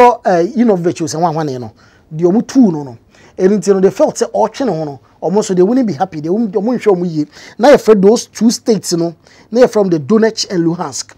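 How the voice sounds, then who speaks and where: A Ghanaian-accented woman talks through the news in a conversational way, leaning on fillers as she explains. Her voice is husky with a breathy edge and sits at a middle pitch. She lifts her voice now and then to stress a point. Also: warm tone. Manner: conversational with many fillers, rising emphatic stretches. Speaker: news commentator. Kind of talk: explanatory commentary mixing English and Twi.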